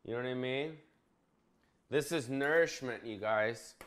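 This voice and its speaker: A man's voice: mid-range voice, a little slow, a bit bright. A man hosting a casual comedic cooking vlog, bossy and profane, teasing his cameraman. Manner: crude, bossy, joking, profane.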